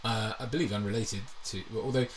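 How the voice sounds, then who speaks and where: A man's voice: fairly low pitch, fairly even intonation, quick pace, distant mic, a little hiss or hum. A man chatting casually, rambling with lots of fillers and laughter. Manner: rambling, laughs often, many fillers and restarts. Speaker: co-host. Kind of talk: casual chat. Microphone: lavalier.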